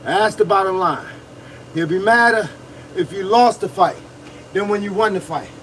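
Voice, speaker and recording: Man, boxing coach, high voice, preachy and repetitive, livestream, distant mic. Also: normal speed, a bit bright, slight background noise. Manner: preachy, repetitive, talks to viewers, grunts while punching a bag.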